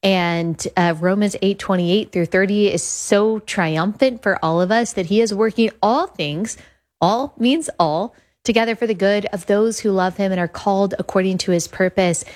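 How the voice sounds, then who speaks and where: A woman's voice: medium pitch, normal speed. A woman hosting a podcast, talking about faith in an earnest, emphatic way. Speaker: podcast host.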